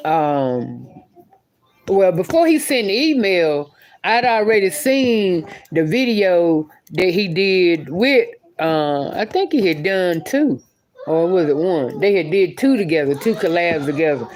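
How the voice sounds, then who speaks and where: A woman's voice: on the low side, animated, slow, darkish tone. A woman telling a story in a casual vlog, chatty and rambling, often laughing and restarting her sentences. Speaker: YouTube commentator.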